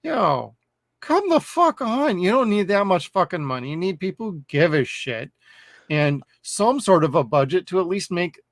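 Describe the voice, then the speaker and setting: A man's voice: sits high, animated, normal speed, dry recording, clean studio sound. A man co-hosting a podcast, chatting casually about a horror film, swearing freely and laughing often. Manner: profane, laid-back, laughs often. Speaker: podcast co-host. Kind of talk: casual movie review chat.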